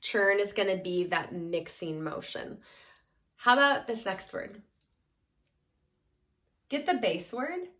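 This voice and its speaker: A woman teaching a children's phonics lesson, sounding out words clearly and cheering the learner on. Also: mid-range voice, animated, takes it slowly, long pauses, fairly bright tone.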